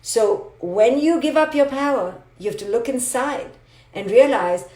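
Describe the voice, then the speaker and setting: A woman's voice: on the high side, animated, measured pace, darkish tone, roomy sound. A woman psychologist giving a live motivational talk, emphatic and repetitive, speaking directly to her listeners. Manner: emphatic, repetitive, direct address with acted asides.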